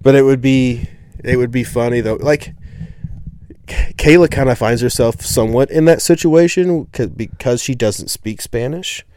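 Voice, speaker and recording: A man's voice: medium pitch, moderate pace, a little mellow, a little hiss or hum. A man hosting a casual podcast chat, telling rambling stories full of fillers. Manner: rambling storyteller, many fillers. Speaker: podcast host.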